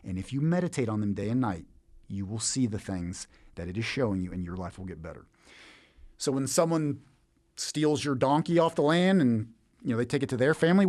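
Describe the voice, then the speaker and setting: A man's voice: medium pitch, a little mellow, dry recording, studio quality. A man hosting a casual Bible teaching show, talking in a playful, jokey way and asking his listeners rhetorical questions. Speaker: Bible teacher, podcast host.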